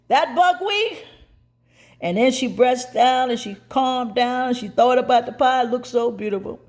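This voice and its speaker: An older woman hosting a cooking show, telling a childhood story in an animated, folksy way. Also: a little high, normal speed. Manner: animated, folksy, laughs as she tells it. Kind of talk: personal storytelling.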